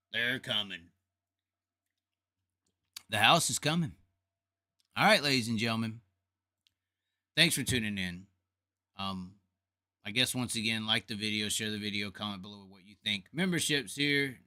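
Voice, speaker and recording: A man's voice: on the low side, normal speed, sharp tone, clear, resonant tone, no room sound, clean studio sound. A man hosting a casual livestream, rambling and joking at his own expense. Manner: rambling, joking, self-mocking. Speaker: livestream host.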